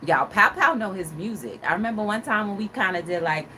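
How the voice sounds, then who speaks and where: Lively woman host chatting with her stream, acts out quotes, faint noise behind. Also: medium pitch, brisk. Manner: animated storyteller, acts out quotes, laughs often. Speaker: livestream talk show host. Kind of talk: casual chat reading live comments.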